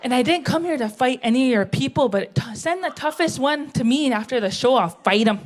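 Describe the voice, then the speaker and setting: A woman with a high, lively voice speaks briskly on a theatre stage, playing a brash, chain-smoking middle-aged auntie in a live comedy monologue. She rambles, gets indignant, and laughs at herself.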